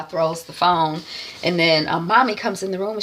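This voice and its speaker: A woman's voice: on the low side, normal speed, a bit bright. A woman vlogger casually recapping a web series episode, chatty and storytelling with frequent fillers.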